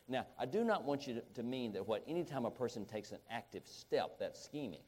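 A middle-aged man preaching a sermon, halting and restarting often, then rising to emphatic peaks. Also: medium pitch, big pitch swings, a little mellow, breathy edge.

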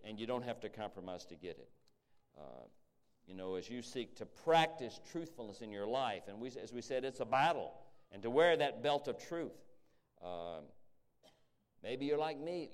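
A middle-aged man preaching a sermon, halting and restarting often, then rising to emphatic peaks. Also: on the low side, expressive.

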